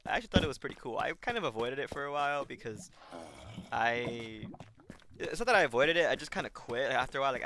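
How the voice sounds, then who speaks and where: A young man rambling casually while playing a game on stream, often restarting his sentences as he thinks aloud. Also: mid-range voice. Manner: rambling, self-correcting, talks while playing. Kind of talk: casual gaming stream chat. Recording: loud background noise with clicks.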